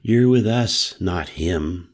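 A man's voice: sits low, lively intonation, slow pace, exaggerated voice. A man voicing a big, lumbering older man who is agitated and gives clipped, urgent orders.

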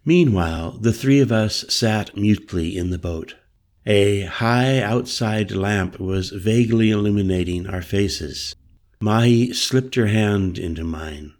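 A male narrator reading an audiobook story in a measured, deliberate way. His voice is low, and he takes his time with every line. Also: a little mellow.

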